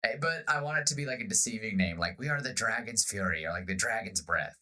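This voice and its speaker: A man co-hosting a podcast, pitching a story idea in casual chat and acting out pirate lines in bursts. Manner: animated, acts out pirate lines in quick bursts. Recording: slightly off-sounding podcast audio.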